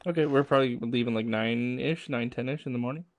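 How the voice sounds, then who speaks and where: A Canadian man talks loosely with a co-host in an average-pitched voice, often laughing and restarting words mid-thought. The recording is dry and close, with no room sound. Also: fast talker, no room sound. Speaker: podcast host. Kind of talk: casual chat.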